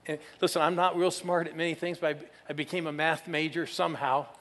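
Male preacher, sermon, energetic, audience call-and-response, slightly high voice, long church reverb. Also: a little fast. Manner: energetic, calls for crowd responses. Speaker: guest preacher. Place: church sanctuary.

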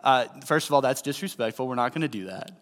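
A man's voice: mid-range voice, expressive, quick pace, a bit bright. A man in his thirties from St. Louis preaching a sermon, telling a personal story in a conversational way with rising emphasis on key lines. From St. Louis, USA. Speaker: pastor. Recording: hall with long reverb.

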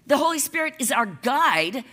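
A woman pastor preaching a sermon in a conversational, lively way, with casual asides. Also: high-pitched, moderate pace, soft background music.

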